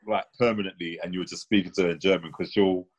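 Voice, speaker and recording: A man's voice: low voice, steady tone, quick pace, darkish tone, highs cut off. A man, thoughtfully talking in a casual chat.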